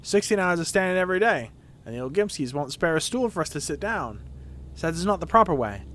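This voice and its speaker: A man's voice: fairly high pitch, big pitch swings, brisk, fairly bright tone, a little hiss or hum. A man voicing a weary male security guard locked in a hospital, reading game dialogue aloud in a sardonic, musing way. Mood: grumbling. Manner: sardonic, musing, self-pitying.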